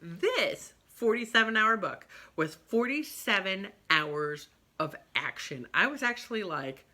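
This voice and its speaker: A woman's voice: medium pitch, big pitch swings, a little slow, sharp tone. A middle-aged woman chatting casually about books, rambling and going off on tangents. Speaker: book vlogger. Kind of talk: casual book chat.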